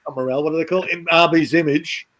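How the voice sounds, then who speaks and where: A man in casual chat telling army stories in a halting way, with many restarts. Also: fairly high pitch, steady tone, a bit bright. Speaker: chat participant.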